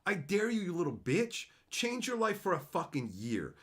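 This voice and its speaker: A man's voice: high voice, very animated, normal speed, fairly bright tone. A middle-aged man from Canada hosting a casual livestream, ranting with heavy profanity and mocking silly voices. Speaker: livestream host.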